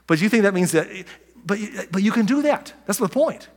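Male pastor, slightly higher voice, casual preaching style with frequent asides, long hall reverb. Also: animated, a little fast. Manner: conversational preaching with many asides and restarts. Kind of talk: sermon.

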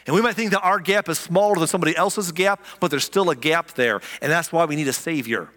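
A man preaching a sermon as pastor, animated and conversational, repeating key lines for emphasis. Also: fairly high pitch, fast, long reverb tail.

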